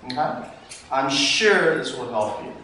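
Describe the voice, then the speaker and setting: Animated male sales trainer in an echoey room. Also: mid-range voice, unhurried. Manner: animated, coaching, acts out customer lines. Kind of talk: live training talk. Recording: far-off mic in an echoey room, faint noise.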